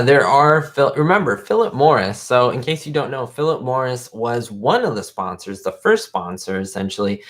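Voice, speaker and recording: Male host, lowish pitch, loose, chatty fan talk for a live stream. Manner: rambling, fan-like, lots of fillers. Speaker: YouTube host. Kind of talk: casual livestream chat.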